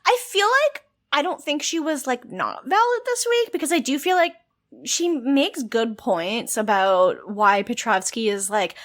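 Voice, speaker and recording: A woman's voice: high voice, lively intonation, a little slow, a bit bright. A young woman co-hosting a podcast in casual chat, enthusiastic and agreeable. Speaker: podcast co-host.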